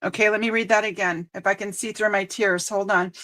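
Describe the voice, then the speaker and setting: A woman host giving a live card reading, tearful and choked up, reading aloud with frequent pauses. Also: mid-range voice, steady tone, sharp tone. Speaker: intuitive card reader and host.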